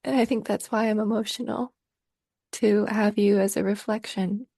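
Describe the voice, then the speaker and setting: A woman's voice: mid-range voice, fairly even intonation, normal speed, warm tone, no echo, studio quality. A woman hosting a spiritual conversation, talking in an effusive, emotional way full of gushing praise. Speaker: host.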